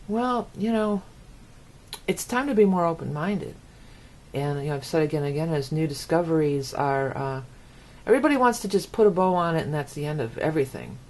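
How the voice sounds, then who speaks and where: A woman's voice: deep voice, expressive, brisk, darkish tone. A woman from the United States giving a rambling astrology forecast, often repeating words for emphasis. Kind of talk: casual monologue forecast.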